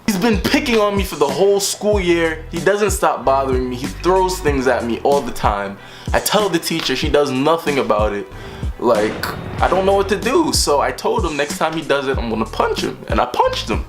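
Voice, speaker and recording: A young man telling a storytime vlog in an animated way, acting out the voices of the people in his story. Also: on the high side, moderate pace, over music. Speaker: vlogger.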